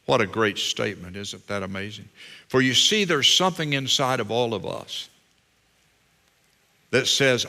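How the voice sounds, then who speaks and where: Slow, bright-voiced male pastor preaching. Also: mid-range voice, gravelly. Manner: emphatic preaching with repeated phrases. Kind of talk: sermon.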